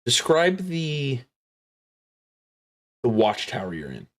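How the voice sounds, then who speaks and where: A man narrating a tabletop game as game master, slow and dramatic, dropping to hushed tones. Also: medium pitch, huge pitch swings.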